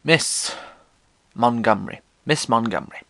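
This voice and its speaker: A man's voice: a little slow, sharp tone, dry recording. A man telling funny stories about his own life in an irreverent, self-mocking way, swearing freely and acting out what people said. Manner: acts out quotes in jumpy pitch. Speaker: podcast host. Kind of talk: comedic personal storytelling.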